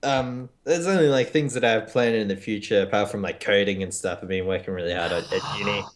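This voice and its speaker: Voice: low voice, fast talker. A podcast co-host talking casually in a group chat, laid-back and rambling with mock exasperation.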